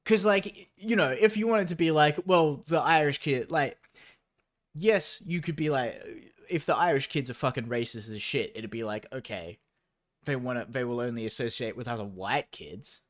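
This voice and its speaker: A man's voice: mid-range voice, normal speed. A young man streaming as he reads a story aloud, breaking off into incredulous, profane, sarcastic asides.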